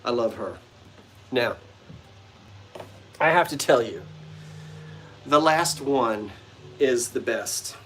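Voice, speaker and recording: A man's voice: medium pitch, animated, slow pace, long pauses, fairly bright tone, slight background noise. Chatty man hosting a live sale. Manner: chatty, playful, talks to viewers by name. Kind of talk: casual livestream chat. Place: front porch of an old bungalow.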